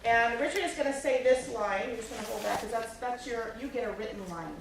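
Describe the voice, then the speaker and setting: A woman's voice: a little high, brisk, creaky. A woman hosting a live improv show, upbeat and laughing as she sets up games for the audience. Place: large hall with live audience. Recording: echoey hall, crowd noise.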